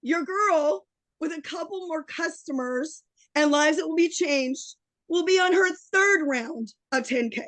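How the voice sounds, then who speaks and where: A woman's voice: extremely high pitch, fairly bright tone, dry recording, rough recording. A middle-aged woman coaching on a webinar, giving an impassioned, emotional pep talk with a voice worn from daily streaming. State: losing her voice. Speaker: online business coach.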